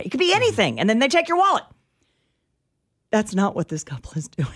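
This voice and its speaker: Animated chatty woman radio co-host. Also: on the high side, a little fast, slightly rough. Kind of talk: morning radio banter.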